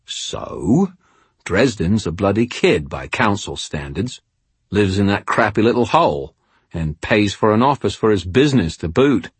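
A man's voice: fairly low pitch, big pitch swings, unhurried, breathy edge, no echo, exaggerated voice. A man reading an audiobook voicing a coarse, annoyed hired mercenary who growls and swears freely. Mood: gruff, cunning.

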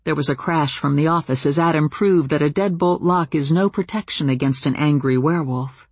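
A woman narrating a first-person novel in a measured, dramatic reading on a close studio mic. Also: sits low, a little mellow, no room sound. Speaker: audiobook narrator.

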